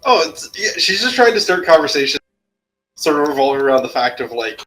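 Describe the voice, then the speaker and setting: A young man at a tabletop game night, thinking out loud in rambling, hesitant bursts. His voice is bright and sits a little higher than most men's. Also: big pitch swings, a little fast, soft background music, rough recording. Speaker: player. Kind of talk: casual tabletop play.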